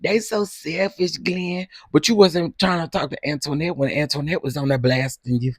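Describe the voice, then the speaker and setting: A man hosting a casual live stream, chatty and quick to laugh, talking straight to his viewers. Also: on the high side, fairly even intonation, husky, no echo, studio quality.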